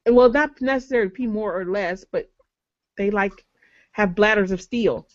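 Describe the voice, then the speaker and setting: A woman's voice: mid-range voice, normal speed, dry recording. A woman in her thirties chatting on a gaming podcast, full of ums and easy laughs. Her voice sits mid-range and sounds very dry and close. The call audio is a little dull and lo-fi. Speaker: podcast co-host. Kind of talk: casual chat.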